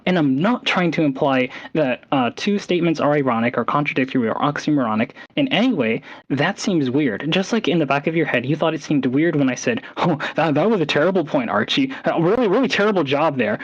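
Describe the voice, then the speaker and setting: A man's voice: a little high, dull audio. A man in a heated online debate, rambling and hesitant with many restarts.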